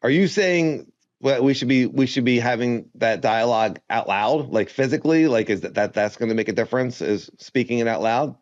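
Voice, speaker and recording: A man's voice: medium pitch, moderate pace, no echo. Chatty man on a dull dry podcast mic. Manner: rambling, many restarts, upbeat. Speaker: podcast co-host. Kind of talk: casual podcast chat. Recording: slightly dull, dry sound.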